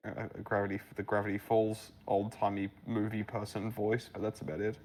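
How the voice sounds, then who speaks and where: A man's voice: on the low side, completely flat delivery, brisk, a little mellow, a little hiss or hum, rough recording. A man telling a rambling story full of fillers during a casual gaming chat, speaking over a voice call. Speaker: map builder guiding a playthrough.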